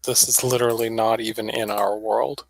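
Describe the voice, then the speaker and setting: A man's voice: medium pitch, level tone, gravelly, a little hiss or hum, rough recording. A man playing a tabletop game in casual chat, hesitant and full of fillers. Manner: hesitant, filler-heavy, slow. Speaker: player.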